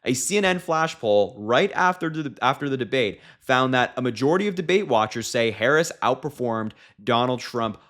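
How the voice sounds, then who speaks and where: A man at a middle pitch runs through political commentary in a sarcastic, incredulous tone. He mocks what he has just heard and keeps his delivery quick and pointed. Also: expressive, fairly bright tone.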